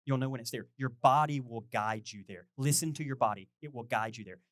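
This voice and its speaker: Recorded dry in clean studio sound, a man with a mid-range voice preaches fairly quickly. His conversational sermon is animated and full of jokes, with snatches of song and questions put to the crowd.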